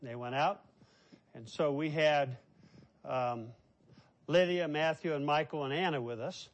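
A man's voice: on the high side, unhurried. An older man, a pastor, preaching a sermon and telling a family story in a conversational way.

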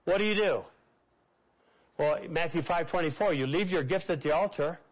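Man, pastor, sermon, fairly high voice, hushed slow phrases between raised bursts, calls on the congregation to repeat. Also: poor audio.

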